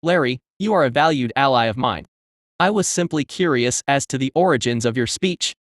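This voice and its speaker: A man's voice: mid-range voice, expressive, fairly quick, dry recording, clean studio sound, lightly acted. A man voicing a reborn male tree spirit who tries to sound grand and dignified.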